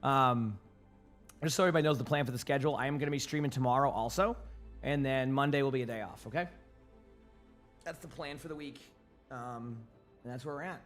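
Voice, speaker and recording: A young man, slightly hoarse from a stretch of commentating, chats loosely with viewers over a streaming mic at his desk. His voice sits at an ordinary middle pitch, and he answers chat questions in a relaxed, rambling way. Faint music plays underneath. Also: a little fast, pauses often. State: yawning, sleepy.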